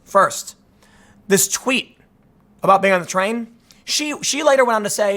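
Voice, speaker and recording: A man's voice: sits high, lively intonation, unhurried, pauses often, a bit bright. A man in his thirties hosting a casual commentary monologue, conversational and sarcastic, with lots of restarts and asides. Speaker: political commentary host.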